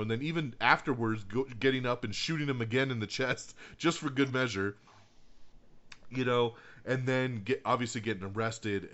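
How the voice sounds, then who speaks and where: Excitable man retelling a film, lo-fi. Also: fairly low pitch. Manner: animated storyteller, acts out quotes, laughs often, swears. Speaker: podcast co-host reviewing a film. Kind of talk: casual chat.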